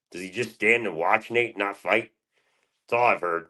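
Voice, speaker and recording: A man's voice: lowish voice, fairly quick, sharp tone. A man hosting a livestream, taunting and cursing at a rival in heated, profane banter. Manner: taunting, profane trash talk. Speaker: livestream host.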